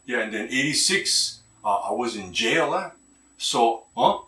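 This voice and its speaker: A man voicing a loud, joking, middle-aged local cousin who speaks Hawaiian Pidgin, rambles and mangles big words. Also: medium pitch, lively intonation, measured pace. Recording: roomy sound, mic at a distance.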